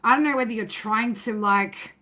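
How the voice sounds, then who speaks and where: A woman's voice: fairly high pitch, moderate pace, pushed and bright. A woman giving a casual spoken tarot reading, rambling and emphatic, swearing freely and often tagging her sentences with "right?". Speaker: tarot reader.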